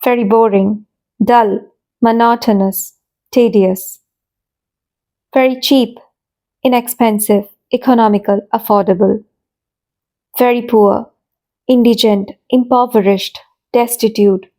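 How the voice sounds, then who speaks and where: A woman reading an English vocabulary lesson as short phrase pairs, with a pause after each phrase. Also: on the high side, fairly even intonation, warm tone. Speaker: English teacher. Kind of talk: slow scripted vocabulary lesson.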